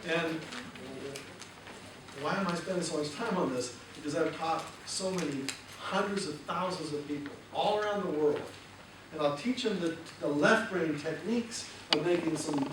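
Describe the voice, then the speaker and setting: Man giving a seminar in an echoey hall. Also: sits high. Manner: lively, asks the audience questions. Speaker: seminar speaker. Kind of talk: motivational seminar talk. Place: large hall with audience. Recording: echoey hall, distant mic, noisy.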